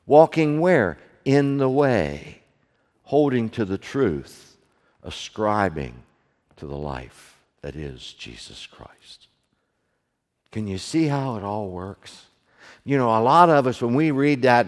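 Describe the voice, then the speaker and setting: A middle-aged man preaching a sermon to his congregation, moving from hushed storytelling to loud, fervent preaching. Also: on the low side, big pitch swings, slow pace. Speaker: pastor. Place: church sanctuary, also streamed online. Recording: long hall reverb.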